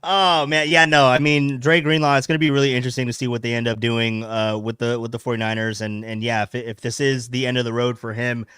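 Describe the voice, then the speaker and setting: A man's voice: mid-range voice, level tone, fairly bright tone, clear, resonant tone, no echo, clean studio sound. A young man hosting a casual sports podcast, telling stories with frequent laughs. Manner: laughing, storytelling, quick asides. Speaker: podcast host.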